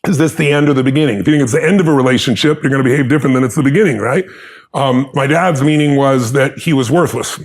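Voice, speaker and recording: A man's voice: mid-range voice, fast talker. A man telling his life story in an earnest, emphatic motivational way.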